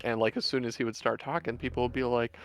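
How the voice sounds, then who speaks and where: Gravelly laid-back man telling stories. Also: medium pitch, fairly even intonation, fast. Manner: laid-back storyteller, many fillers and swearing. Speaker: streamer. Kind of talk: casual chat.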